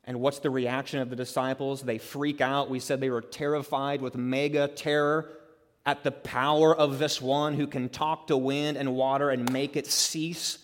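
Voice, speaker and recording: A man preaching a sermon as pastor, emphatic and conversational, acting out quotes and building to loud peaks. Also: medium pitch, level tone, normal speed. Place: church sanctuary. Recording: reverberant hall.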